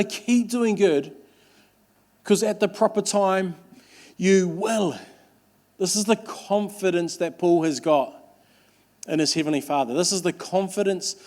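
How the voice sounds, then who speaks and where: Man, young, high voice, sermon, earnest, emphatic, repetitive. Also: a little mellow. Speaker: pastor.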